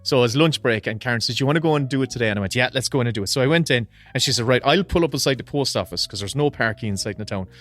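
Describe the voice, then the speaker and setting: An Irish podcast co-host tells a story in a casual chat, animated and laughing and swearing often. His mid-range, slightly bright voice is very fast, with few pauses.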